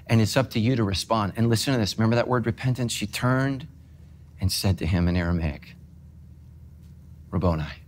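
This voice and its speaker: A middle-aged pastor with a lowish voice preaches a sermon, shifting between quiet, heartfelt moments and self-deprecating humor. His conversational rather than formal style carries emotional pull, and there's slight hiss or hum in the audio.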